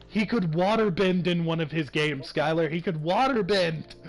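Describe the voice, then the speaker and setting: A young man hosting a casual gaming podcast, excitable, swearing freely and laughing often. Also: fairly high pitch. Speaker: podcast host.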